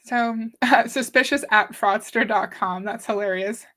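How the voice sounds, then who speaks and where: A woman's voice: medium pitch, unhurried, a bit bright. A woman from Canada hosting a casual livestream, chatting with viewers, reading their comments aloud and swearing now and then. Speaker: livestream host. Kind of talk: casual live-stream talk.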